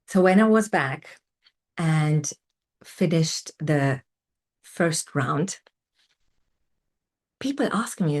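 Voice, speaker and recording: A middle-aged woman tells a personal story as a coach and host, animated, repeating words for emphasis and acting out her inner voice. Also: low voice, husky. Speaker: self-development coach and host.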